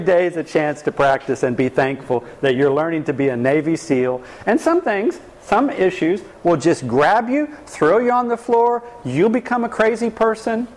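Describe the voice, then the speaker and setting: Man, class lecturer, emphatic and animated, voice on the high side. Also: moderate pace, few pauses, slight background noise, poor audio. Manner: animated, emphatic teaching with rhetorical questions. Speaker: relationship class teacher.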